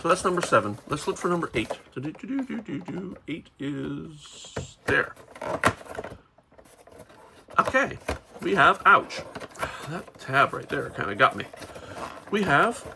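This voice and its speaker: A man's voice: fairly high pitch, big pitch swings, normal speed, pauses often, background noise. A man giving chatty, rambling commentary while unboxing toys, often correcting himself mid-sentence. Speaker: toy reviewer.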